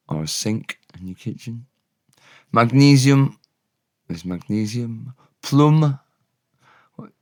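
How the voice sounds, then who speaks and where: A man giving a relaxed, off-the-cuff vocabulary lesson, repeating each word for learners. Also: lowish voice. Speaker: Welsh language teacher.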